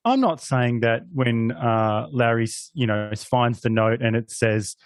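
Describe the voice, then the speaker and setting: A man's voice: mid-range voice, a little slow, clean tone, no room sound. A man co-hosting a casual podcast chat, hesitant and full of "uh"s, with a joking tone. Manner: hesitant, many "uh"s, jokey. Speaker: podcast co-host.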